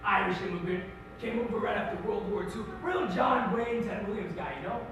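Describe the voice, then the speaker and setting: A teenage boy performing a monologue as a middle-aged Irish-American man, telling his story in an animated, wry and emotional way. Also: high-pitched, fairly quick, slight background noise. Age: teens. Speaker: high school forensics performer. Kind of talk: competitive dramatic monologue. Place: school auditorium stage. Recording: echoey hall, distant mic.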